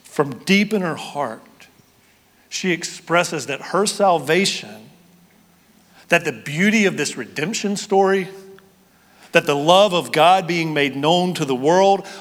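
A male pastor delivers a sermon in a fairly high voice. He swings from loud, excited storytelling down to quiet, hushed emphasis. His voice rings out through a large hall with a long reverb. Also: slow, long pauses.

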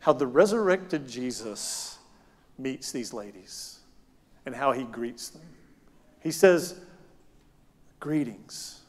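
A man preaching a sermon as pastor, animated, moving between loud emphatic lines and soft, quiet ones. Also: mid-range voice. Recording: long hall reverb.

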